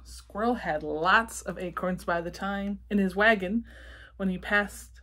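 A woman reading a picture book aloud to children, gently asking them questions about the pictures. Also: mid-range voice, a little slow. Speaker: children's storybook reader.

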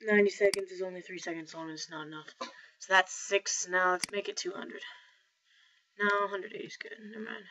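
A woman's voice: mid-range voice, fairly even intonation, brisk, pushed and bright. Woman, casual screen-recording tutor, chatty and filler-heavy, faint hiss and mouse clicks behind. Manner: rambling, self-correcting, filler-heavy. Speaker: software tutorial maker. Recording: dull lo-fi mic with faint noise.

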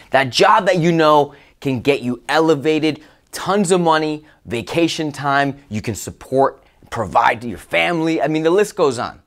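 A man who works as a life coach, telling a personal story to camera in a casual, motivational way, expressive and excitable, with loud exclamations. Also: mid-range voice, vocal fry. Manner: expressive and excitable, with exclamations and big swings in loudness.

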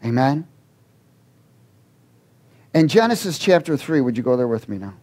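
A man's voice: medium pitch, big pitch swings, moderate pace, dark tone. A male pastor preaching a sermon, reading scripture aloud and calling for responses from the congregation.

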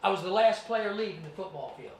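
A man's voice: high-pitched, fast, a little hiss or hum. Man telling a motivational story. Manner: animated, acts out scenes. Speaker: guest speaker. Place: presentation room with students. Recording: echoey room, mic at a distance.

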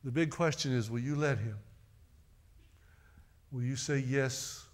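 A man's voice: mid-range voice, measured pace. A middle-aged man preaching a sermon in a church, earnest and repeating phrases for emphasis. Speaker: pastor. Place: church sanctuary.

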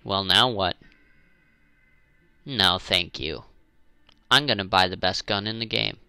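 A young man giving casual, rambling commentary while playing a zombie game, jokey and prone to exasperated high-pitched questions. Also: fairly even intonation, a little fast, vocal fry, pushed and bright, clean tone, no room sound, clean studio sound. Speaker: gaming channel host.

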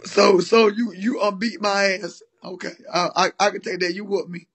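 Man guest, high voice, teasing and blunt, slangy casual chat. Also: steady tone, moderate pace, a bit bright, husky.

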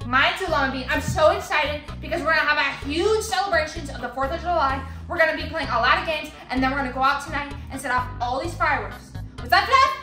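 A young woman vlogging, playfully talking to her toy llamas and cheering them on in a bubbly, animated way. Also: high voice, fast, hardly any pauses. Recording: echoey room with music behind.

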